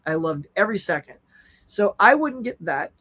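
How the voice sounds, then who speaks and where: A man's voice: high-pitched, big pitch swings, moderate pace, pushed and bright. A middle-aged man hosting a casual live stream, chatting animatedly and reading viewer comments aloud. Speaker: host.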